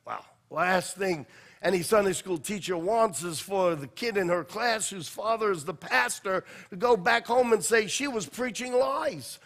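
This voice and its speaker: A high-voiced male pastor delivers a sermon in a church sanctuary, his voice carrying a long hall reverb. He tells stories with passion, pushing hard on some lines and dropping almost to a hush on others. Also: a little slow. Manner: passionate storytelling preacher, swinging from loud to hushed.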